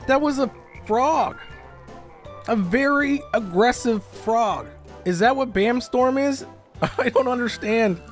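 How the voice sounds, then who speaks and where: A man narrating and reacting live as a gaming YouTuber, excitable and quick to cry out in alarm. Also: sits high, soft background music. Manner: excitable, lots of startled exclamations. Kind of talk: let's-play commentary with narration.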